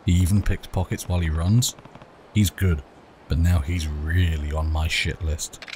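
A man's voice: deep voice, steady tone, moderate pace, a little mellow, a little hiss or hum. A man casually commentating a video game playthrough with wry humor, reading game dialogue aloud. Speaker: let's play host. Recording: game music under voice.

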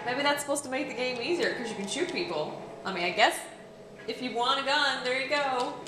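A woman's voice: high voice, expressive, brisk. A young woman giving casual, teasing commentary while explaining a horror game to a friend. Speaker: co-host showing a game. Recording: roomy room with noise.

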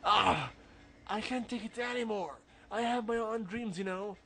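A man's voice: high voice, unhurried, vocal fry, pushed and bright, pitched above the performer's own voice, heavily acted. A man reading game dialogue aloud, voicing an anxious teenage schoolboy in a put-on accent and stumbling over the lines. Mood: frustrated, resolved.

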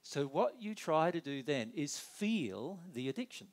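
A man giving a conversational spiritual talk, animated and acting out inner dialogue in quick put-on voices. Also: on the high side. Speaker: spiritual teacher.

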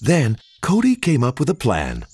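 Expressive male storybook narrator, gravelly. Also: medium pitch, moderate pace. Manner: warm, expressive, sing-song read-aloud. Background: music.

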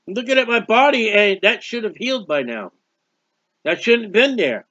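A man's voice: high-pitched, normal speed, no echo, dull audio. A man preaching a sermon, reading scripture aloud and explaining it, drawing out words for emphasis. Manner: expressive Bible reading with commentary, stretches words.

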